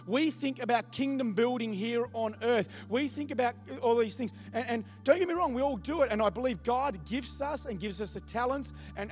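A high-pitched man delivers a sermon in a loose, conversational way. He reads scripture aloud and keeps turning to the congregation with questions. Soft music plays faintly behind him. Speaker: pastor.

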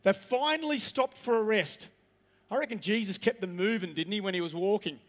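In a large hall with long reverb, a man preaches a chatty, funny sermon and asks his listeners questions. His voice sits high, and his delivery is brisk.

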